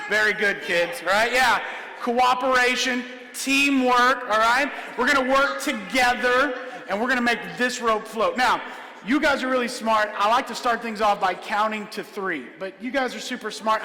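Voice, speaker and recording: A man performing a comedic illusion show for children, jokey and energetic, often checking in with "all right?". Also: high-pitched. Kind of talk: comedic stage magic show for kids. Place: large church hall with high ceiling. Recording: echoey hall, live stream.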